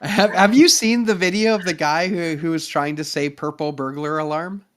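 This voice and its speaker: A man's voice: sits high, moderate pace, a bit bright. A man from Canada, a pastor and guest in a casual chat, asking curious questions and laughing along.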